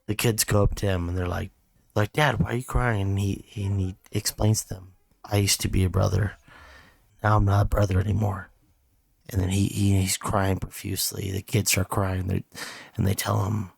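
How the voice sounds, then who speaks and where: Gravelly low-voiced man, blunt and sweary. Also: completely flat delivery, normal speed, darkish tone, no room sound. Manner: blunt, swears, eggs the others on. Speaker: podcast co-host. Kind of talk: casual chat.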